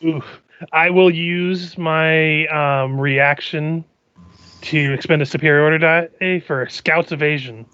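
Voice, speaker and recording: A man's voice: on the high side, fairly even intonation, slow pace, bright, forceful tone, smooth, no echo, highs cut off. A man playing a tabletop game, thinking aloud hesitantly about his abilities and rolls. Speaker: player.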